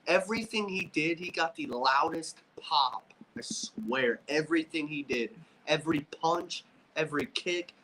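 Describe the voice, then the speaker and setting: A man's voice: on the high side, bright, forceful tone, slight background noise, poor audio. A man co-hosting a wrestling review podcast, talking in an emotional, rambling casual chat. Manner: emotional, rambling, restarts a lot. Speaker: wrestling show co-host.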